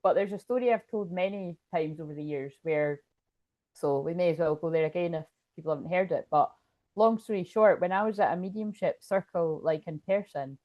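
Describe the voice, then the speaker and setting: A Scottish woman, working as a tarot reader, chats casually from home in a casual livestream, rambling and laughing often. Her voice is fairly low and brisk, and the recording sounds muffled.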